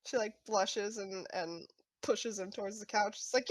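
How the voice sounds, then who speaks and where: A woman tabletop player describing her character's actions softly, with many fillers. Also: mid-range voice, unhurried, no room sound. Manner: soft, filler-heavy, trailing.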